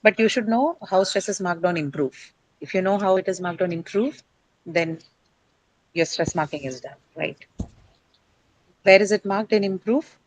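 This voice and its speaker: A woman's voice: medium pitch, moderate pace, pauses often, poor audio. A woman teaching English word stress to a class. She explains step by step, often says "uh", and asks her students questions.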